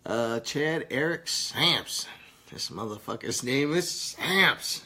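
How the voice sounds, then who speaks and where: A man's voice: fairly low pitch, lively intonation, a little slow, sharp tone. A stoned man reading viewer comments on a casual live stream, crude, joking and rambling. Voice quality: gravelly.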